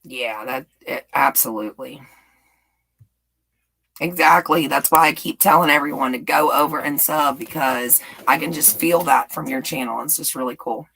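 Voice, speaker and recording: Gravelly, husky Southern-tinged woman streamer. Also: very deep voice, moderate pace, a bit bright, low-quality recording. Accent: light Southern US. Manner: chatty, gushing, laughs often. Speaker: YouTube live-stream host. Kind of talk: casual live-stream chat answering viewers. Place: home in Texas.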